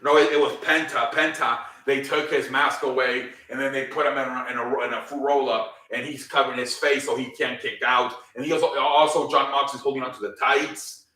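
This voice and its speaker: A man's voice: medium pitch, fairly even intonation, a little fast, few pauses, bright, forceful tone. A man casually recapping a wrestling show, rambling with lots of fillers and swearing freely. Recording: roomy, mic at a distance.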